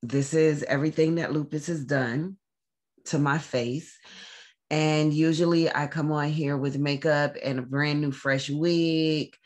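A woman hosting a faith-based talk to camera, speaking earnestly and haltingly, often pausing with "um" as she holds back tears. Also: low-pitched, steady tone. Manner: earnest, emotional, halting with frequent ums. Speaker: show host.

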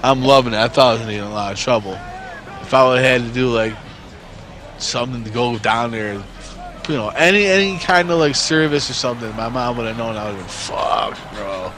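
A man in his forties from New York State spins a story in a loose, rambling way and swears constantly. His voice sits at an ordinary middle pitch, and faint traffic hums behind him. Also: a little fast. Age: 40s. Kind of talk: casual storytelling.

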